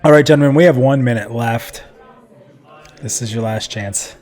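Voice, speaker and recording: A man at a mid-range pitch hosts a live stream in relaxed, casual chat. He jokes with his guests and laughs easily, talking into a desk microphone. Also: normal speed. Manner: joking and chatty, laughs often. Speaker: live stream show host.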